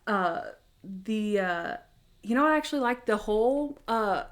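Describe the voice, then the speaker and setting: A woman co-hosting a podcast in casual chat, retelling scenes in an animated, giggly way. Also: medium pitch, a little slow. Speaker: podcast co-host.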